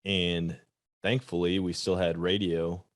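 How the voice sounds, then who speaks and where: A man hosting a podcast, chatting in a relaxed way with short agreeing replies. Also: deep voice, unhurried. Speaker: podcast host. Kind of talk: casual conversation.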